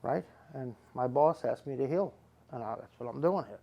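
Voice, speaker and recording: A man's voice: medium pitch, normal speed, gravelly, dull audio. A middle-aged man, a psychic medium giving readings to a live audience, who rambles and repeats words for emphasis.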